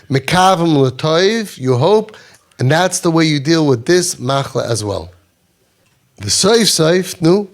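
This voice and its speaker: A man giving a Torah lecture in English with an Orthodox Jewish accent, reading Hebrew quotes and explaining them with repetition for emphasis. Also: a little high. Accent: Orthodox Jewish English with Ashkenazi Hebrew. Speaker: rabbi teaching a class.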